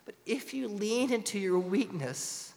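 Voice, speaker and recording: A man preaching a sermon as pastor, firing rhetorical questions and swinging from loud urgency to hushed tones. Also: high voice, unhurried, vocal fry. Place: church sanctuary. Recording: long reverb in a large hall.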